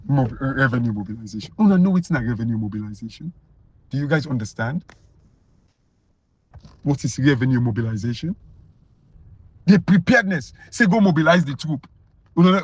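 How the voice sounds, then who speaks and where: A Sierra Leonean man speaking in Krio-accented English, giving a mocking, emphatic political rant that keeps jumping high when he is incredulous. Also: animated, brisk, long pauses, highs cut off. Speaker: political commentator.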